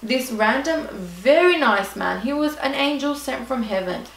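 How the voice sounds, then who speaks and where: A woman's voice: high voice, expressive, a little slow, gravelly, echoey room, recorded from a distance, a little hiss or hum, rough recording. A young Australian woman telling a storytime vlog, chatty and dramatic, with lots of "like". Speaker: vlogger.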